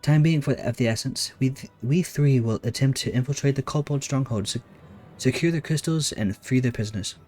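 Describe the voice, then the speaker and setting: A man voicing a formal, earnest young male scholar in a game, with measured, careful speech. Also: mid-range voice, darkish tone, soft background music, natural voice. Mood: urgent.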